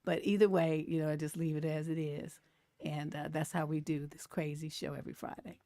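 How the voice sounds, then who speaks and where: Woman host over forty, casual animated live-stream commentary, dry close recording. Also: deep voice, a little fast, no room sound. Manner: chatty and animated, laughs often, reads comments aloud.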